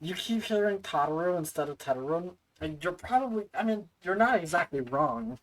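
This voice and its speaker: A woman's voice: lowish voice, expressive, normal speed, low-quality recording. A woman streaming a video game, chatting casually and playfully with viewers in a self-mocking way.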